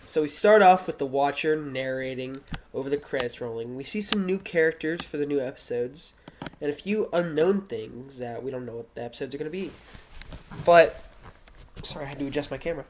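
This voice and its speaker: Man, solo vlog review, rambling casual recap full of fillers, self-correcting, home camera mic, middle pitch. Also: fairly quick, a little hiss or hum. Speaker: vlogger reviewing a TV episode.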